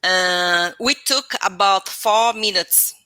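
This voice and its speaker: Halting woman with a Portuguese accent. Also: medium pitch, pushed and bright, smooth, dry recording. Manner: hesitant, searching for words, many restarts. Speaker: English student. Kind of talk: online English lesson conversation. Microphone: video call.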